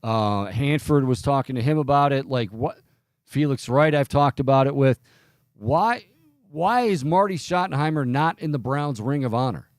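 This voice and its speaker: A man's voice: mid-range voice, animated, normal speed, no echo, clean studio sound. A man hosting a sports radio talk show, rambling and opinionated, often cutting himself off mid-sentence. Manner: rambling, self-interrupting, opinionated. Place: radio studio.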